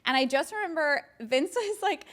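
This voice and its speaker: A woman in her thirties, a guest in a casual interview, telling animated stories with lots of laughter and acted-out quotes. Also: high voice, normal speed. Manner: giggly, animated, quotes others in voices.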